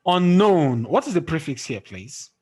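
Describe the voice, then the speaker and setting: Slow, husky man teaching a class. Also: medium pitch, lively intonation. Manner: slow, drawn-out explaining with questions to students. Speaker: English teacher. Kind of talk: classroom lesson.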